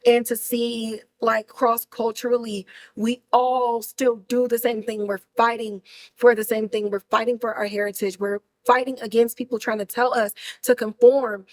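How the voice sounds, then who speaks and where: A woman hosting a podcast, recapping a film in animated, slangy, casual chat. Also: on the high side, moderate pace, poor audio. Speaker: podcast host reviewing a film.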